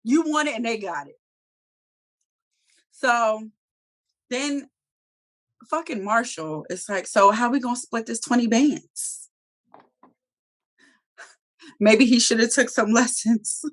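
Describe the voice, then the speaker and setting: A woman co-hosting a review show in casual chat, talking in an animated, profane way and acting out characters' lines. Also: fairly high pitch, unhurried, long pauses. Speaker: TV review podcast co-host.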